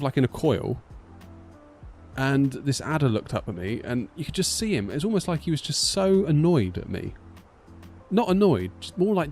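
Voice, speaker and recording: Rambling casually to viewers on a live stream, a British man in his thirties who streams flight sims leans heavily on filler like "sort of." He speaks at a medium pitch with a darkish tone.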